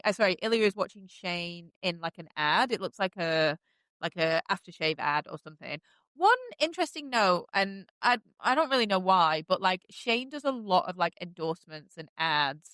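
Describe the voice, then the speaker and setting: A woman's voice: lowish voice, fairly bright tone, clean tone, no echo. A woman hosting a podcast, recapping a TV show in casual, enthusiastic chat with lots of fillers. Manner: chatty and enthusiastic, many fillers. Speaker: podcast host.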